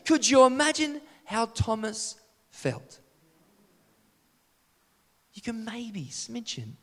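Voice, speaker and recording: A man preaching a sermon, animated and full of rhetorical questions to his congregation. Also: very high-pitched, slow pace, pauses often, big-room sound.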